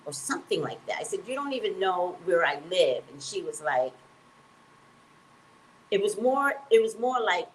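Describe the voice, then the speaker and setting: A woman who works as a psychic reader, telling a personal story in an emphatic, animated way and acting out the dialogue. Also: on the low side, normal speed, slight background noise, low-quality recording.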